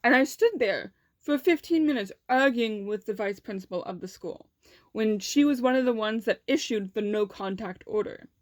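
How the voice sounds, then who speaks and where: A woman's voice: on the high side, lively intonation, normal speed, no room sound, studio quality. A young adult woman vlogger telling a personal story in a casual, chatty way, full of fillers.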